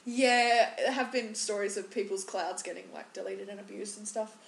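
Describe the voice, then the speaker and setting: A young Australian woman co-hosting a casual chat, giggly and animated. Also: mid-range voice, moderate pace, creaky. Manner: giggly, animated, quotes others in voices. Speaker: podcast co-host. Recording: echoey room with faint noise.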